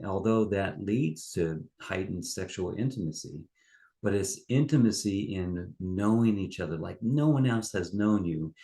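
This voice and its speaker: A man's voice: deep voice, darkish tone. A middle-aged male life coach talking in a loose, rambling way, full of fillers and restarts. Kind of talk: casual monologue.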